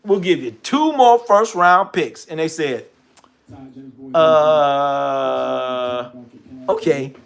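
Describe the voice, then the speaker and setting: A man hosting a casual sports talk show, telling stories with lots of repetition and acting out gruff back-and-forth dialogue. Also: on the high side. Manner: animated storytelling, acts out deals with gruff voices; repeats himself, restarts.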